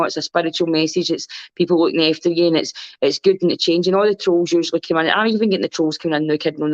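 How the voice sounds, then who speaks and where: A woman's voice: on the low side, dry recording. A Scottish woman speaking as a podcast guest in casual chat, rambling and candid and swearing freely. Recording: dull lo-fi recording.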